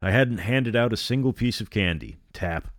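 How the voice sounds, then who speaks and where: A man's voice: on the low side, animated, normal speed, dry recording, clean studio sound. A man narrating a horror story aloud, with sardonic asides between passages.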